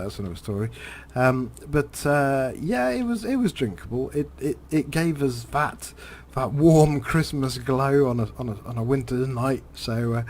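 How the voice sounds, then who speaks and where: Man, game commentary, rambling storytelling, halting, fillers, repeated words, faint background noise. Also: mid-range voice, darkish tone. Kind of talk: rambling storytelling while playing a driving game.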